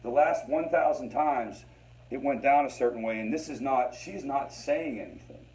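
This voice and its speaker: A man of middle pitch leads a support group in a loose, conversational teaching style. He repeats himself for emphasis and keeps checking in with the listeners. His delivery is informal and unscripted. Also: normal speed, a little mellow, low-quality recording. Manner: conversational, repeats phrases, addresses listeners as guys. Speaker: recovery group facilitator.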